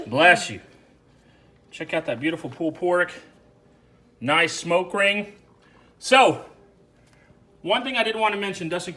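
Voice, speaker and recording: A man with a high, sharp-toned voice hosts a laid-back cooking video. He chats to the viewer as he walks through each step in casual how-to narration.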